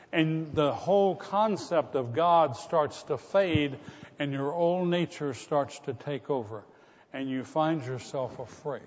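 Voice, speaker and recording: A man preaching a sermon as pastor, dropping to hushed tones and rising to loud calls. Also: on the high side. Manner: dramatic shifts from hushed to loud. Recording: muffled sound with long hall reverb.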